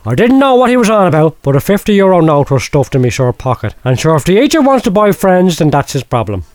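A man's voice: fairly high pitch, very animated, fast talker, darkish tone, no room sound. A man voicing a rambling, lecherous oddball who tells his tale in thick dialect. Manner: rambling, breathless storytelling, dialect-heavy. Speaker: podcast host reading a listener letter. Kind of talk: comic letter reading in character.

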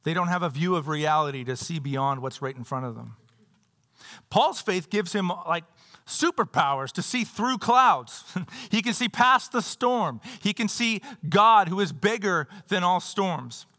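A man's voice: high voice, animated, unhurried, pushed and bright. A male pastor preaching a sermon in a church. He talks conversationally, reads scripture aloud, and adds playful asides. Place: church sanctuary. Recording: long hall reverb.

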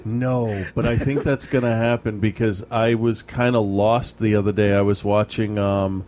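Low-voiced guy on a podcast, rambly, laughs at himself, super casual. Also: steady tone, normal speed, a little mellow. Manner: rambling, self-deprecating storyteller with restarts. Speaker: podcast co-host. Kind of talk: casual chat.

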